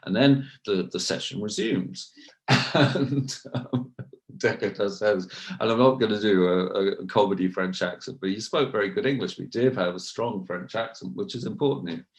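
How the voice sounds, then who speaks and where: Low-voiced male academic telling anecdotes. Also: moderate pace. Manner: anecdotal and digressive, with many asides and restarts. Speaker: university researcher, podcast guest. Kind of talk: casual interview, storytelling.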